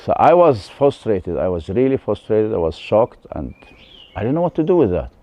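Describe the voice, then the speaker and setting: A man with an Arabic accent, a guest telling his life story in halting English with many restarts. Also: on the low side, sing-song, dark tone. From West Bank. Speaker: interview guest.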